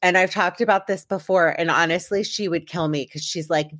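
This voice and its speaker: A woman's voice: on the low side, steady tone, moderate pace, few pauses, a bit bright, dry recording, studio quality. A woman hosting a podcast, chatting casually and rambling with restarts. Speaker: podcast host. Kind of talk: casual chat.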